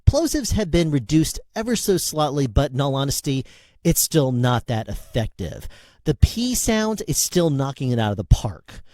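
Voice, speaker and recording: A man talking up close into a handheld dynamic mic in a small room at home, his pitch bouncing around as he reviews the gear. The sound is dry, with no roominess around his voice. His delivery is relaxed and conversational, like a hands-on demo. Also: moderate pace, no room sound. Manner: conversational, demonstrating into different mics. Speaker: product reviewer. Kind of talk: casual product review demonstration. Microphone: handheld dynamic microphone, close.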